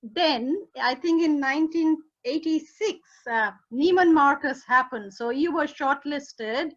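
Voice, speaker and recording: A woman's voice: high voice, measured pace. A woman hosting an interview, a fashion teacher who keeps encouraging her guest. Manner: encouraging, frequent affirmations. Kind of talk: interview chat. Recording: dull lo-fi sound.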